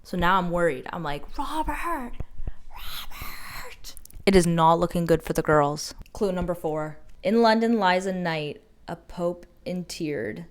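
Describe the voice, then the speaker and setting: Playful woman recapping a book, low-ish voice. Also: moderate pace, hardly any pauses, clear, resonant tone. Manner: playful, animated, dramatic asides. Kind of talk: casual storytelling recap.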